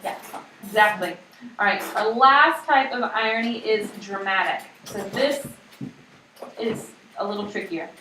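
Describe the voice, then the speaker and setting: A woman's voice: medium pitch, measured pace, bright, forceful tone. A woman teaching a class, explaining in a casual, chatty way with many fillers. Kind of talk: classroom lecture. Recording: echoey room, distant mic, noisy.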